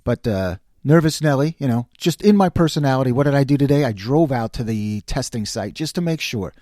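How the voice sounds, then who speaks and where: A man in his fifties hosting his own casual talk show, rambling and self-mocking as he jumps from quiet muttering to loud exclaiming. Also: mid-range voice, animated, a little fast, dry recording, clean studio sound. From New York. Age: 50s. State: slight voice cracks. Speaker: host.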